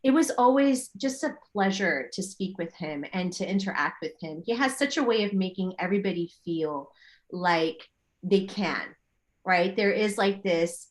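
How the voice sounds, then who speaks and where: A middle-aged woman, a yoga teacher, chatting as an interview guest and telling animated stories full of her own remembered thoughts. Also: on the low side, measured pace. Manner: animated storytelling with quoted inner thoughts. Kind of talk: casual interview chat.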